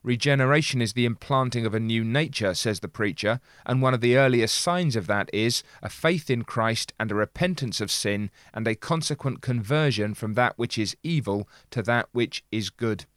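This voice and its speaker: A man's voice: mid-range voice, moderate pace, hardly any pauses, fairly bright tone, no room sound. Earnest man discussing a sermon, dry sound. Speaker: preacher commenting on a sermon. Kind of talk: reflective sermon commentary.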